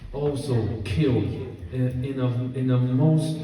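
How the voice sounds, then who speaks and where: A man's voice: medium pitch, slow. A man preaching a sermon to an audience, telling stories and asking them rhetorical questions. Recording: echoey hall from far off, crowd audible.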